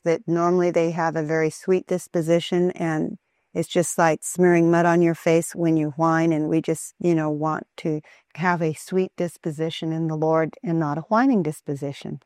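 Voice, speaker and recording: Calm, earnest woman with a lower voice, giving a practical parenting lesson; dry, close sound. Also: clean tone, dry recording. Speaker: mother teaching parenting. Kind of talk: instructional talk on Christian child training.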